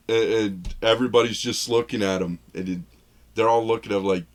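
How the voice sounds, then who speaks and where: A man's voice: lowish voice, steady tone, fast talker. A man co-hosting a film review podcast, talking in a loose, rambling way, acting out lines he retells and laughing at his own jokes. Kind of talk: casual chat.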